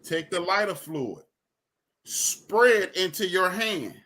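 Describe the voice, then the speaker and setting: A man co-hosting a casual review chat, an animated storyteller who acts out voices. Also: high voice, slow. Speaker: podcast co-host.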